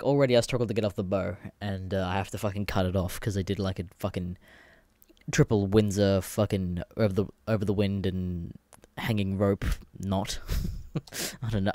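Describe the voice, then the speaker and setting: A man's voice: lowish voice, a little mellow, dry recording. A young Australian man hosting a podcast alone, chatting in a rambling, sweary way and laughing often. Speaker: podcast host. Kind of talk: casual solo chat.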